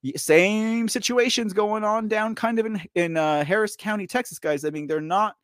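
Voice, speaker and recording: A man's voice: sits high, normal speed, dry recording, studio quality. A man hosting a political news livestream, chatting and joking with viewers in the chat, teasing them and laughing often. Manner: animated, laughing, teasing, talks straight to viewers. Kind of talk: casual livestream commentary talking to the chat.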